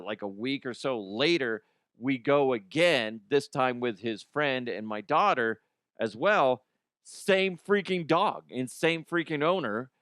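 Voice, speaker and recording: A man's voice: a little high, a bit bright, clean tone, no echo, studio quality. A man hosting a comedy show, ranting casually in an exasperated way and swearing freely. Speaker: comedy podcast host.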